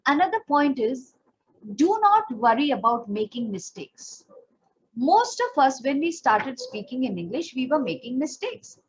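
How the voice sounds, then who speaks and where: A woman's voice: on the high side, slightly rough. A woman with an Indian accent, a pageant coach giving earnest, encouraging advice straight to her viewers. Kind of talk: instructional talk to camera. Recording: slightly dull recording.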